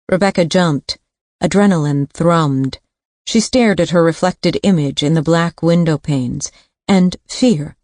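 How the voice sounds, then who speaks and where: A woman narrating a thriller audiobook, measured and suspenseful. Her voice sits low, and the recording is dry and close. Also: darkish tone, no room sound.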